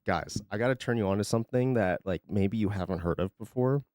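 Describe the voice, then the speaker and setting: A man's voice: lowish voice, brisk, a little mellow, dry recording. A young man chatting on a live stream, rambling, sarcastic and profane, close to a desk mic at home. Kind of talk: casual chat on a live stream.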